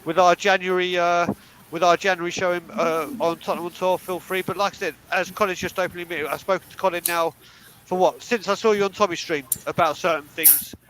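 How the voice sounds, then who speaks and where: A man's voice: high-pitched, fairly even intonation, brisk, fairly bright tone, poor audio. A man co-hosting a podcast, talking bluntly and emphatically and swearing freely. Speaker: podcast co-host. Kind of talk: candid panel talk.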